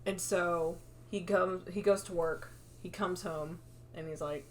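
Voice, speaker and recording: A woman co-hosting a podcast, casually retelling a story with quick asides, swearing and frequent laughter. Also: lowish voice, fairly even intonation, slight background noise. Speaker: podcast co-host. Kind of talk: casual chat, retelling a fanfic with quoted voices.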